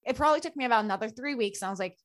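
A woman guest telling a personal story in casual talk, animated and full of "like" fillers, acting out the voices of people she quotes. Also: a little high, very fast. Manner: chatty, frequent "like" fillers. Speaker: podcast guest.

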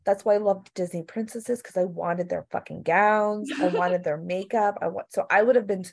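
Animated, foul-mouthed woman chatting. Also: mid-range voice, moderate pace, creaky. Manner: animated, swears freely, acts out quotes. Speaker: podcast co-host. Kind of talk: casual chat recapping a TV show.

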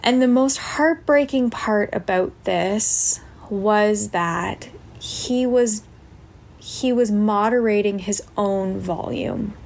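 A woman's voice: mid-range voice, takes it slowly, gravelly, a little mellow. A woman podcast host telling a personal story in an earnest, reflective way, often tagging thoughts with "like" and "right?".

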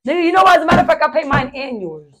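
A woman's voice: high-pitched, very fast, noisy background. A woman hosting a podcast in casual chat, blunt and profane, telling stories with lots of energy. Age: adult with a stepdaughter and son. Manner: blunt, profane, animated storytelling. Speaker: podcast host.

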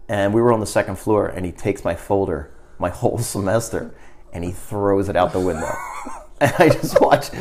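A middle-aged man with a lowish voice spins a loose story in casual conversation. He rambles, restarts his sentences, and sinks into quiet mutters when quoting people. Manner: rambling, many restarts, drops to a low mutter in quoted lines.

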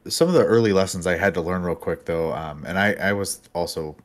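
A man's voice: sits low, a little fast. A man co-hosting a podcast, chatting casually and a little hesitantly, with many ums and restarts. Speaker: podcast co-host. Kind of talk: casual chat.

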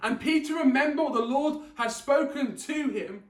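A man preaches a sermon in a loose, conversational way, often restarting his words and putting questions to his listeners. His voice is high. He stands away from the mic in an echoey church hall. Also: moderate pace, hardly any pauses. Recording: echoey room, distant mic.

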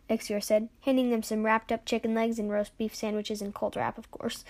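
A woman narrating a children's adventure story aloud. Her delivery is lively, and her voice sits fairly high. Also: normal speed, few pauses. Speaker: story reader.

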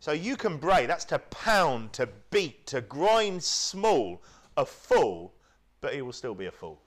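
British man preaching, lively animated voice, somewhat high, repeats words when restarting. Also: slow. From United Kingdom. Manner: lively, mocking impressions, stammering restarts. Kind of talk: sermon.

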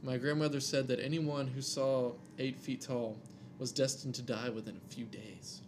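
A man's voice: mid-range voice, steady tone, moderate pace. A man casually reading a scary story aloud, cracking jokes and tripping over names, with faint music behind. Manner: reads aloud with jokey asides and stumbles over names.

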